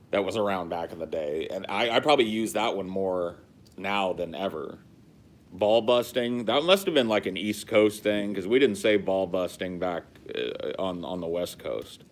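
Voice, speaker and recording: A man in his forties from California, hosting a podcast and telling loose, profane stories. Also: fairly low pitch. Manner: loose, profane storytelling with frequent restarts. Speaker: podcast host. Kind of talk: casual chat.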